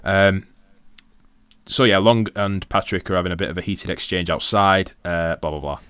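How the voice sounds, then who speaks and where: A man's voice: deep voice, steady tone, moderate pace, fairly bright tone, clean tone, no echo. A British man co-hosting a podcast in casual chat, laughing often and swearing casually. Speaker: podcast co-host.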